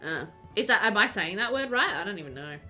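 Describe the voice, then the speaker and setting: Chatty Australian woman, bright voice. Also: mid-range voice, big pitch swings, fast, soft background music. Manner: rambling, chatty, many fillers like "like" and "um". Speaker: game streamer. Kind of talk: casual chat while live-streaming a game.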